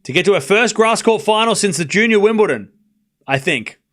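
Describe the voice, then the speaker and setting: A man with a high, bright-toned speaking voice calls tennis live for his stream. He talks casually to his chat, running through each rally quickly. At the big moments he gets excited and raises his voice to a shout. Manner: casual and chatty, with slang and asides. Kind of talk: live watchalong play-by-play commentary.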